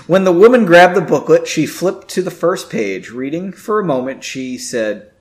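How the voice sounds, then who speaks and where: A man's voice: a little high, lively intonation, moderate pace. A man reading a fantasy story aloud casually, breaking off for chatty, self-mocking asides. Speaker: amateur audiobook reader.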